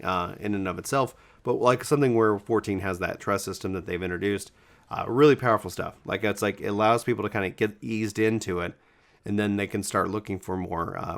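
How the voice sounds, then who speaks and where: A gaming video creator talking casually to his viewers, rambling and self-correcting with enthusiasm, his voice cracking now and then. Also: lowish voice. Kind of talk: casual talk to camera.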